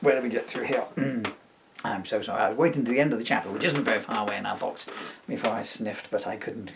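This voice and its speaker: A man's voice: on the low side, fast, vocal fry, background noise. An older man reading his own comic spoof story aloud, rambling and poking fun at himself as he loses his place. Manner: rambling, self-mocking, chuckles at his own jokes. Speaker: audiobook reader.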